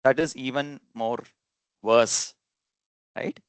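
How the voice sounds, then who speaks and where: A man tells funny stories from his student days to an audience. His voice sits at an average pitch and is recorded close and dry, with no room sound. He drops a laugh here and there and acts out what his friends said. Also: steady tone, slow, clean tone, dry recording. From India. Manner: humorous, anecdotal, with acted quotes and chuckles. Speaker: speaker giving a talk. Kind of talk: storytelling talk to an audience.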